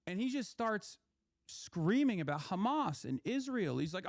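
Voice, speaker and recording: A man's voice: sits high, big pitch swings, measured pace, no echo, studio quality. Heated, profane young man ranting. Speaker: political commentator. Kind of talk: profane streaming rant.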